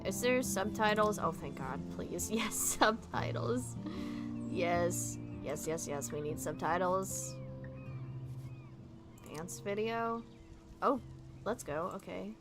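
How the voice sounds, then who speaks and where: A young woman in her twenties streams a game live, gushing excitedly and swearing casually as she talks to her viewers. Her voice is medium in pitch.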